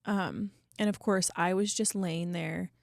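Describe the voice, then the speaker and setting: A woman's voice: fairly low pitch, steady tone, measured pace, vocal fry, no room sound, studio quality. A young woman co-hosting a faith podcast, telling of a frightening birth in an earnest, emotional way, often trailing off. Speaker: podcast co-host. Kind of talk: casual testimony chat.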